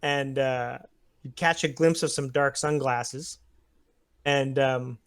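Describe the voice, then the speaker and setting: A man's voice: mid-range voice, steady tone, slow pace, clear, resonant tone. A man narrating a tabletop war game as game master, describing the scene step by step with frequent chuckles. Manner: descriptive, chuckles between lines.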